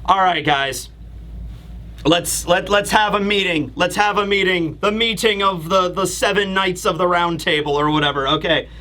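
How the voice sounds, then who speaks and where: Male YouTube manga reviewer, high and bright, animated and rambling. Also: moderate pace. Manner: animated, rambling, talks straight to viewers. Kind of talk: casual video review commentary.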